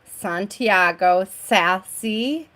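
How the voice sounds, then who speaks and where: A woman's voice: medium pitch, drawn-out words, pushed and bright. A woman hosting a live tarot stream who reads out card meanings, then chats loosely, laughs often and greets viewers by name. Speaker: tarot reader.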